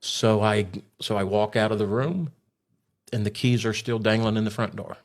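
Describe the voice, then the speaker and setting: A man with a fairly low voice tells a story in a casual, spoken way. He acts out the voices of other people as he retells what happened. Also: normal speed. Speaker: storyteller recounting a robbery.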